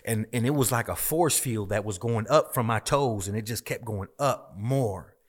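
A man's voice: on the low side, moderate pace. A man, a minister, telling his personal testimony as a guest in a conversation, emphatic and repetitive as he tells the story.

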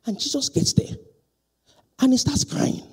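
A male pastor preaching a sermon in a church, asking the congregation questions and rising to loud, emphatic peaks. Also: extremely high pitch, measured pace, slightly rough. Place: church hall.

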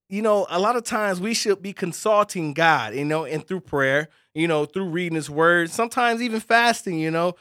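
A man with a high voice and tells a faith story in casual podcast chat, acting out voices along the way. The recording is dry and close, with no room sound. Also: no room sound. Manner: animated storyteller, acts out voices, laughs often.

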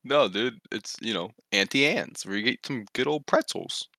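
A man's voice: medium pitch, normal speed, vocal fry, dry recording. A young man co-hosting a podcast, chatting casually and telling stories with lots of laughter. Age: young adult. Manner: animated storyteller, laughs often. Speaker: podcast co-host. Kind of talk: casual chat.

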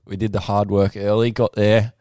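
Mellow young man, short remarks. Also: fairly low pitch, level tone, normal speed, clean tone, no echo. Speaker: podcast co-host. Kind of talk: casual pub chat.

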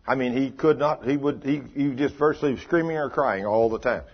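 Husky older preacher telling stories. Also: male voice, brisk. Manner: folksy, drops into low hushed commands when quoting himself. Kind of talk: sermon storytelling. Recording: dull lo-fi recording.

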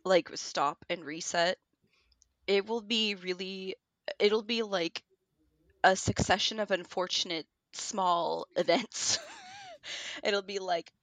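A woman co-hosts a podcast in a loose, casual chat. She tells her stories with a lot of energy, swears freely and laughs often. Her voice sits at a middle pitch and sounds dry and close to the mic. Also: slow pace, long pauses, no room sound. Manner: animated storyteller who swears and laughs a lot. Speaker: podcast co-host.

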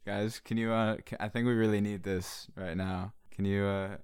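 Smooth-voiced man playing the peacemaker. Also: lowish voice, little pitch movement, normal speed, darkish tone. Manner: soothing, mock-therapeutic. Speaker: player. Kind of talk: playing a tabletop game.

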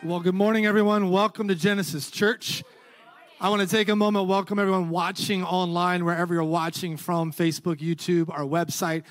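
A man's voice: sits high, little pitch movement, a little fast, no echo, soft background music. A man, the church's pastor, welcoming the congregation and online viewers and introducing his younger brother with jokes. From North Carolina. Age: older than his brother. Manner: upbeat, joking.

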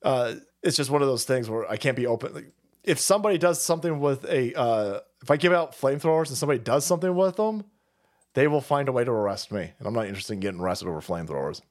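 A man's voice: medium pitch, expressive, quick pace. A man hosting a livestream, ranting in a foul-mouthed, mocking way. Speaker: livestream host. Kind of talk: profane political rant.

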